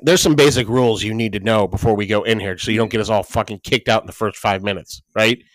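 A man's voice: lowish voice, fast talker, dry recording. A man co-hosting a podcast, telling long casual stories full of "like" and quoted dialogue, swearing freely. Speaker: podcast co-host. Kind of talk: casual storytelling chat.

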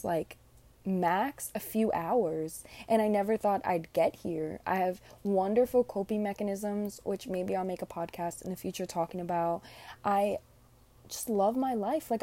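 A woman's voice: medium pitch, mellow, dry recording. A young woman of Puerto Rican background hosting a reflective solo podcast, speaking earnestly and from the heart with many fillers. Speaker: podcast host.

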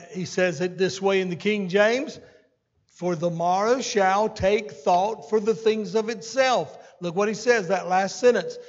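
Folksy pastor, high voice, reverberant hall. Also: male voice. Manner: folksy and conversational, with fillers and asides to the congregation. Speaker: senior pastor. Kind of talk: sermon. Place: church sanctuary. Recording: dull sermon recording with long hall reverb.

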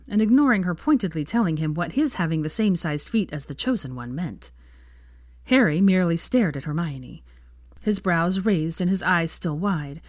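A woman narrating fan fiction in an expressive storybook reading. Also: lowish voice, dry recording, clean studio sound. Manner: expressive, shifts voices for characters.

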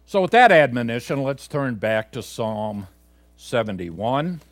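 A male pastor delivers a sermon in a church, his voice sitting at an ordinary middle pitch. He moves from loud, pressing exhortation to soft, low-spoken asides, with casual fillers and restarts along the way. The sound is dry and close, with little room echo. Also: very animated, unhurried. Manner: swings between loud emphatic exhortation and quiet low asides; conversational, with fillers and self-corrections.

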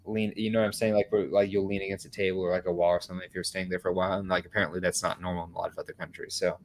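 An American man hosting a casual podcast chat, curious and questioning, quick to laugh. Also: deep voice, flat delivery, slight background noise. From United States. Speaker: podcast host.

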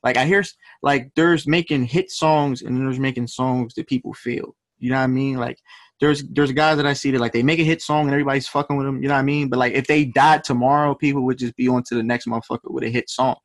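A man's voice: medium pitch, steady tone, quick pace, no room sound. A young man, a rapper guest, telling stories in a laid-back, profane, slangy way during a casual interview.

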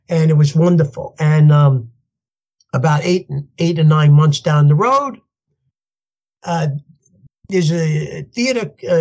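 An older man, a podcast guest telling his story in an animated way and laughing as he goes. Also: a little high, dull audio. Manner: animated, laughs as he tells stories, acts out voices in quotes. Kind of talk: storytelling interview.

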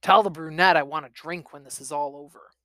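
A woman's voice: sits low, steady tone, fairly quick, a bit bright, dry recording. Woman reading as a cocky flirting pilot. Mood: teasing. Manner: brash and sulky.

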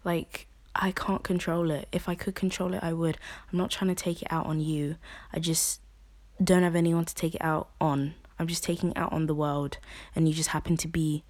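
A woman's voice: sits low, level tone, normal speed, darkish tone, dry recording. A young woman, talking frankly on her podcast in a rambling way, full of "like" and restarts. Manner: rambling, lots of filler "like", frank and personal. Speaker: podcast host. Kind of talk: casual confessional podcast chat.

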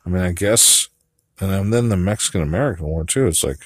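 A man's voice: sits low, a little fast, no echo, clean studio sound. A man rambling through a solo monologue, musing aloud and swearing often, with many fillers. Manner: musing and profane, with frequent fillers.

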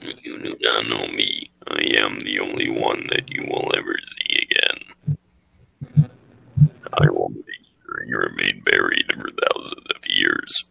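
A man voicing a menacing male death robot with a gravelly, growling voice in a comedic podcast chat. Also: a bass voice, pushed and bright, heavily acted, poor audio. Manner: slow, ominous pronouncements.

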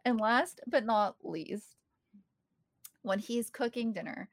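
Woman podcast co-host, animated, slight vocal fry, dry close sound. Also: fairly high pitch, takes it slowly, no echo. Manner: animated, quoting lines with laughter. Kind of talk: casual chat reviewing a sitcom episode.

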